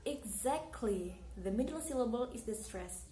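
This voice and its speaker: Young indonesian woman with an indonesian accent, slightly high voice, careful pronunciation lesson, echoey room, faint hiss. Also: slow pace. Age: young adult. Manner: careful, explaining and repeating example words. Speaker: university student. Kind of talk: recorded English pronunciation lesson.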